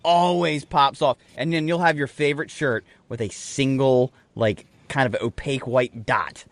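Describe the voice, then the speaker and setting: A man co-hosting a podcast, rambling through animated, profane stories in casual banter. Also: medium pitch, normal speed, no room sound. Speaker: podcast co-host.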